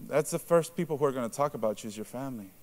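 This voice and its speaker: In a rapid-fire delivery with a darkish tone, a Spanish-first-language preacher chats through his sermon, asking the congregation questions and adding "right?" Quoted reactions get acted out in a lowered voice.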